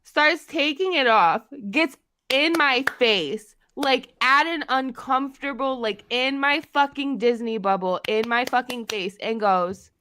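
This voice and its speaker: A woman's voice: sits high, measured pace, pushed and bright, clear, resonant tone. A young woman co-hosting a podcast, telling stories in a profane, rambling casual chat full of "like". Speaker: podcast co-host.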